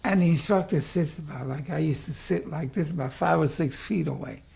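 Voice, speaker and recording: Older man, gravelly and a bit husky, rambling oral-history storyteller who leans on "see". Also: fairly high pitch, fairly quick, a little mellow. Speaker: former art school president. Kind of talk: archival oral history interview.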